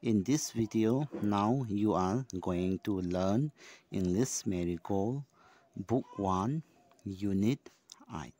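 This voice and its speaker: A man's voice: lowish voice, slow pace, dark tone. A man with a Manipuri accent teaching a lesson. He reads a children's poem aloud, then explains it in a mix of English and Manipuri. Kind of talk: classroom lesson video.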